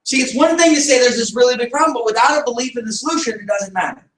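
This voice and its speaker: Man, high voice, motivational speaker, energetic, rhetorical questions, echoey room, distant mic. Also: rapid-fire, slight background noise. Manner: energetic, rhetorical questions, acts out little scenes. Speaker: speaker at a group meeting. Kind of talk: motivational talk to a live audience. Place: meeting room.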